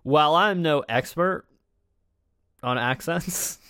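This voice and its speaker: A man co-hosting a casual chat about a film, animated and quick to laugh. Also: a little high, clear, resonant tone, dry recording, studio quality. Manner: animated, laughs often, does playful impressions. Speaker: podcast co-host.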